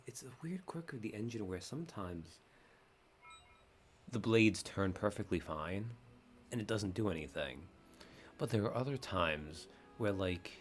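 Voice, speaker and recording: A man's voice: low voice, slight background noise. Wry male streamer muttering commentary. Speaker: gaming streamer. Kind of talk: let's-play commentary.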